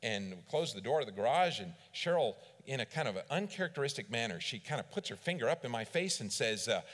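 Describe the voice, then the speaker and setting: A middle-aged man preaching a sermon as a church district superintendent, telling stories and swinging between loud emphasis and quiet asides. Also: mid-range voice, sing-song, fast talker. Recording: long reverb of a large hall.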